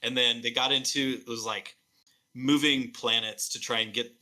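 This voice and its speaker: A man's voice: medium pitch, fairly even intonation, normal speed, sharp tone. A man co-hosting a film podcast, telling a behind-the-scenes story in a loose, rambling way with many fillers. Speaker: podcast co-host. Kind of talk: casual film podcast chat.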